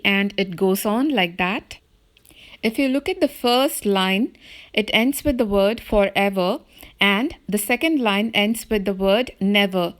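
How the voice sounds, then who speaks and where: A woman's voice: mid-range voice, a bit bright. A woman with an Indian English accent teaching a recorded English literature lesson in a careful, explanatory way. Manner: slow, careful explanatory delivery.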